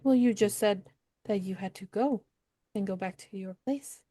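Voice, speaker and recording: A woman playing a tabletop game, asking gentle, probing questions in character. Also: medium pitch, moderate pace, no echo, studio quality. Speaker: player.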